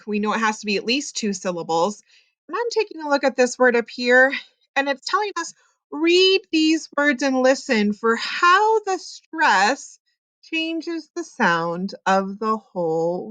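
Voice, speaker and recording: A woman's voice: fairly high pitch, fairly bright tone, no echo. Patient woman teaching phonics. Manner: patient, explains step by step, sounds out words slowly. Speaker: reading teacher. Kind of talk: classroom phonics lesson.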